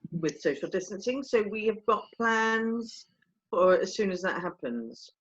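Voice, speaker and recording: A woman's voice: medium pitch, lively intonation, a little slow. A woman co-hosting a vocal group's update, chatting and teasing her partner over a video call. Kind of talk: casual chat on a video call. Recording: dull lo-fi video call audio.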